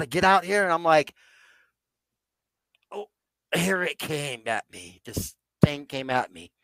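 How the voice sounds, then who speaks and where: A man's voice: a little high, very animated, a little slow, pauses often, a bit bright, dry recording. A man in his sixties, a podcast guest, telling a personal story in a rambling way and calling his listeners "guys". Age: 60s.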